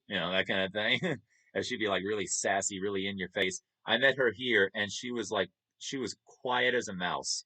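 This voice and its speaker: A man's voice: fairly low pitch, moderate pace, sharp tone. Chuckling New man. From New York. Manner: chatty, chuckles often, upbeat. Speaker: streamer. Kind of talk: casual chat over photos.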